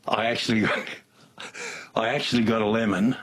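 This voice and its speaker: Husky older Australian man. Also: fairly low pitch, unhurried, fairly bright tone. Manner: rambling, folksy, with many restarts. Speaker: interview guest. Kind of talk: casual storytelling.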